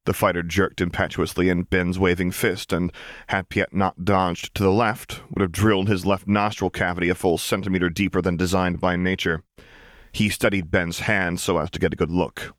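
In scripted narration for a fan-fiction audiobook, a man with a deep voice tells the story in a measured, expressive way. There's no room sound, just clean studio audio.

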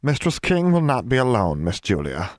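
A man voicing a loyal, tearful female house elf in an audiobook, with a tremulous, croaky voice. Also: mid-range voice, lively intonation, measured pace, no echo, clean studio sound, voice pushed up. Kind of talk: audiobook character voice.

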